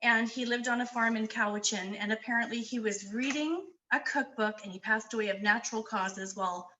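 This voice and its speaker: A woman's voice: a little high, brisk, bright, forceful tone, lo-fi sound, slight background noise. Chatty woman demonstrating a recipe. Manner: chatty, enthusiastic storyteller. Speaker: cooking demonstrator. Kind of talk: casual cooking demo. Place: community kitchen.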